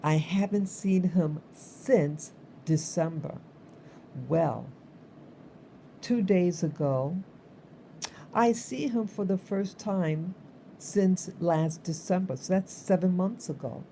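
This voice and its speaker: A woman's voice: on the low side, takes it slowly, long pauses, warm tone, slight background noise. A woman vlogger telling a story in a casual, rambling way, repeating herself for emphasis.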